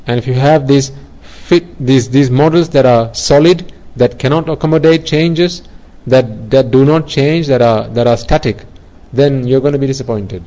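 A man with a warm, mellow voice gives an earnest Buddhist dharma talk. He explains his points with everyday examples, restarting and repeating phrases as he goes. His pitch sits at an ordinary middle level for a man. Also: normal speed, hardly any pauses, low-quality recording. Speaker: Buddhist teacher.

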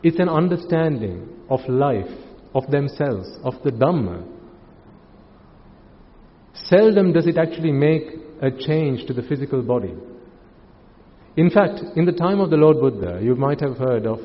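Buddhist monk preaching, echoing hall. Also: male voice, medium pitch, moderate pace. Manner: calm, questioning, uses rhetorical questions. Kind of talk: sermon. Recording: muffled, with long hall reverb.

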